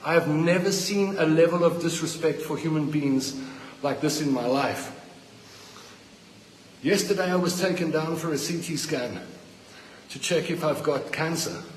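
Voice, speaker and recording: A man's voice: on the high side, unhurried, pauses often. Angry man in an echoey ward. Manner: indignant, blunt, repeating himself when worked up. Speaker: hospital patient. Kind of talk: angry phone-video rant. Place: hospital ward, indoors. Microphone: phone held by the speaker. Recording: echoey ward with long reverb and faint noise.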